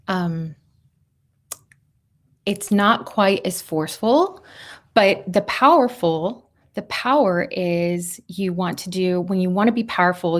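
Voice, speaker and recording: A woman giving a lively workshop talk over a video call, coaching and laughing often. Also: mid-range voice. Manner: talks of thousands of hours on video calls. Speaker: speaker on persuasion.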